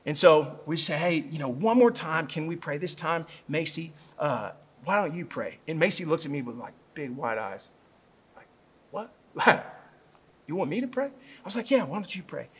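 A middle-aged man, a pastor, preaching a sermon and telling a story, rising to loud, fervent prayer. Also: a little high, lively intonation, moderate pace, husky.

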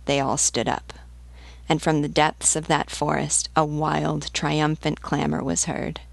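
Audiobook reader, woman, low and gravelly, measured pace, dry close sound. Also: level tone, no room sound. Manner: measured, deliberate reading. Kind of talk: literary audiobook narration.

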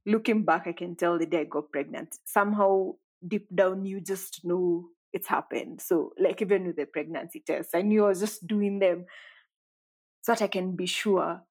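A woman's voice: lowish voice, fairly even intonation, moderate pace, a little mellow, rough recording. A woman in her thirties, a podcast guest, reflecting conversationally on her life with many fillers. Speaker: interview guest. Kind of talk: candid personal storytelling. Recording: guitar music underneath.

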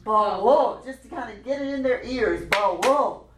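A woman with a fairly high voice runs a hands-on music workshop in a chatty, upbeat way, laughing often. She is recorded from some distance in a roomy hall, with a faint hiss behind her. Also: brisk. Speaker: children's music workshop leader. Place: meeting room at a conference session. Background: group echoing chants.

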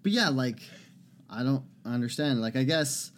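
A man's voice: medium pitch, animated, moderate pace, a little hiss or hum. A man co-hosting a podcast, trading wry jokes in casual chat. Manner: wry, joking banter. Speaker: podcast co-host.

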